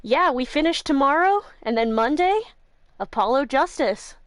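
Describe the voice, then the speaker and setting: A woman streamer with a slightly high, stuffy, congested voice, chatting loosely with her viewers from home. She swears freely and laughs a lot. The sound is dry and close on her mic. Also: expressive, moderate pace, dry recording. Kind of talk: casual chat with live viewers. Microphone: new desk mic.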